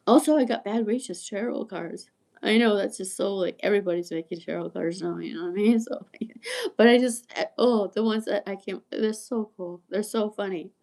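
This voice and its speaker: A woman's voice: mid-range voice, gravelly, darkish tone. A woman in her sixties rambling casually to viewers on a livestream, chatty and prone to tangents, often laughing. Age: 60s. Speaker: livestream host.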